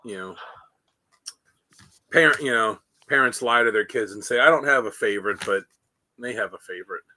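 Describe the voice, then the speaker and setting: This podcast co-host, a man with a fairly low voice, rambles through stories on a casual talk show and acts out quotes. He speaks at a normal speed with a pushed, bright sound and no echo.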